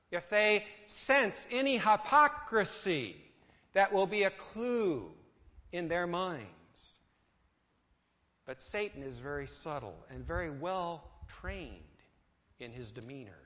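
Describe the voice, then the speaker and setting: A man preaches a sermon in a dull-sounding hall with long reverb, asking his listeners questions and acting out what others say. His voice is on the high side, expressive, unhurried, and sharp.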